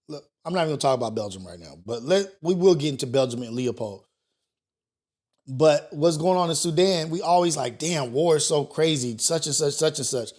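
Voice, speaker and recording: Man, morning show host, casual and profane, restarts a lot, fairly high voice. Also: a little mellow. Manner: loose, profane, thinks aloud with restarts. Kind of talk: casual talk show commentary.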